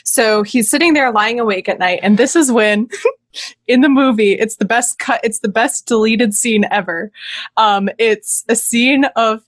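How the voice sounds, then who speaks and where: Higher-voiced woman retelling scenes playfully. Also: measured pace. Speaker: podcast co-host. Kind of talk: casual podcast chat.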